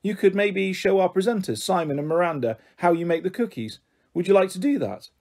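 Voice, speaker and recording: A man's voice: high voice, animated, fairly quick, a little mellow, voice pushed up. A man voicing a friendly, upbeat TV researcher who speaks chirpily and encouragingly in a storybook reading. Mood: chirpy.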